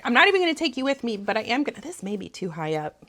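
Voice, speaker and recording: A woman's voice: a little high, sing-song, very fast, a bit bright, slight background noise. A woman in her thirties with a Southern US accent, hosting a casual sewing tutorial from her home sewing room, chatty and rambling with frequent laughs. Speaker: sewing channel host. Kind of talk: casual sew-along tutorial.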